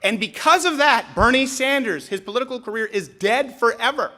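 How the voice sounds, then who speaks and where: A young adult man from Canada giving a live comedic political speech, animated and sarcastic, with sudden shouted bits. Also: extremely high pitch, a little fast.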